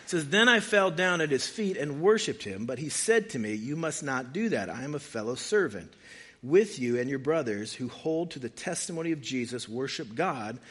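A man's voice: medium pitch, fairly bright tone. A man pastor giving a conversational sermon, reading scripture aloud and joking with his congregation.

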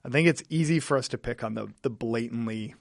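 An earnest male pastor with a gravelly, fry-laden voice works through his thoughts aloud, often restarting phrases. The recording is dry and close, with no room sound. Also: mid-range voice, no echo. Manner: earnest, halting, many restarts. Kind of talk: casual podcast chat.

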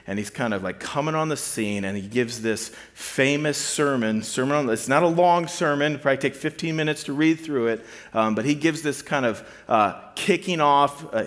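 Casual preacher man in a reverberant hall. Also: fairly low pitch. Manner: casual, repeats key points for emphasis, many fillers. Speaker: preacher to a student ministry. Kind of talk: conversational sermon.

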